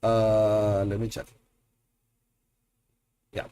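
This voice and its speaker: A man's voice: a little high, lively intonation, slow pace, pauses often. A man teaching a live online Spanish lesson, patiently repeating words and drilling his learners, often correcting himself as he thinks aloud.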